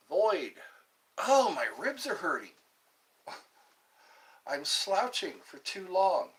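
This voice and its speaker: A man's voice: sits high, very animated, slow, long pauses, a bit bright, slightly rough, poor audio. A man in his fifties hosting a live stream, reading viewer comments aloud and answering them in a playful, jokey way. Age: 50s. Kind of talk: casual live-stream chat.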